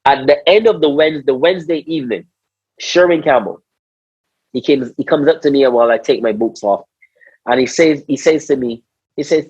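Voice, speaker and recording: This husky, mid-range male voice talks a little fast with no echo. He's a Barbadian-accented ex-cricketer being interviewed, animatedly telling stories, acting out what others said, repeating himself and throwing in "bro." The podcast sound is dry and a bit dull.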